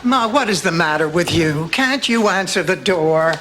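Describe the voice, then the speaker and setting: An actress playing a sardonic, dry-witted sitcom character. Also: female voice, lowish voice, animated, normal speed, lightly acted. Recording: noisy TV clip.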